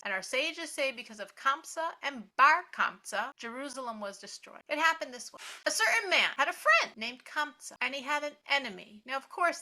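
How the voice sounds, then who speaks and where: A woman teaching a Torah class, telling the story lively and acting out the characters' lines. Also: high-pitched. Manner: animated, acts out the characters' voices in the story.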